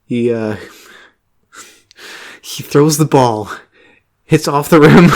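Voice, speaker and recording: A young man casually telling a story about a job, animated, laughing often and swearing freely. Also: a little high, takes it slowly, long pauses. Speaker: vlogger.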